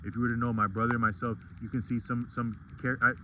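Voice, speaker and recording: A man's voice: mid-range voice, level tone, fast, background noise. A man talking through a casual vlog monologue, digressive and full of restarts and fillers. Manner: rambling and digressive, many restarts.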